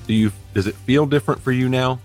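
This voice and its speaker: A man's voice: medium pitch, fast talker, a little mellow, soft background music. A man with a Southern US accent co-hosting a podcast in casual, playful chat. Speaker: podcast co-host.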